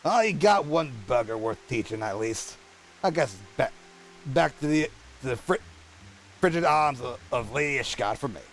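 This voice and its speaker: A man voicing a gruff, hard-drinking male gunsmith instructor in a put-on rough British accent, reading game dialogue aloud and stumbling over words. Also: mid-range voice, lively intonation, moderate pace, a little hiss or hum, close to an everyday voice, low-quality recording. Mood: resigned. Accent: put-on rough British-style.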